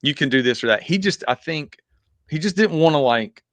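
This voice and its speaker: Relaxed man hosting a podcast. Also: fairly high pitch, brisk, no room sound. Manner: relaxed, conversational, frequent affirming murmurs. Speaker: podcast host. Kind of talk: casual podcast interview.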